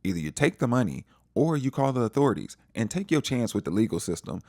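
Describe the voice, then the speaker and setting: Fast, lively low-voiced man recapping. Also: no room sound, studio quality. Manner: animated, acts out characters' lines in quick asides; jokey, slangy storytelling. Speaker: TV show reviewer. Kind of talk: casual recap commentary.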